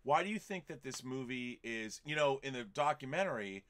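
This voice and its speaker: Bright-voiced enthusiastic male host. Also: medium pitch, animated, fairly quick. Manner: enthusiastic, digressive, talks in long run-on thoughts. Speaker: podcast host. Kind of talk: casual movie chat.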